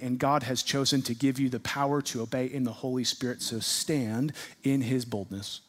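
A middle-aged male pastor preaching a sermon, swinging between loud emphatic peaks and quiet, drawn-out lines. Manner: dramatic swings between booming emphasis and hushed delivery; drawn-out, deliberate phrasing on key words.

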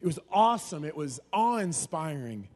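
A man preaching a sermon, moving between hushed, low passages and loud, animated bursts. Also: normal speed. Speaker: pastor. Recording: long hall reverb.

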